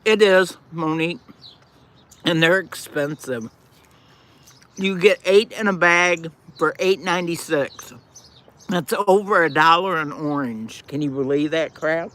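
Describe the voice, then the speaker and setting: A woman's voice: sits low, a little slow, a bit bright. An older woman hosting a live stream, chatting casually with viewers in a blunt, folksy way while she eats.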